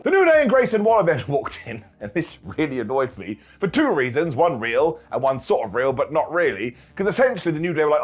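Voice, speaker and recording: A man casually recapping a wrestling show as reviewer, animated and jokey, laughing often. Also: a little high, fairly quick, few pauses, faint music behind. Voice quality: bald-joke running gimmick host.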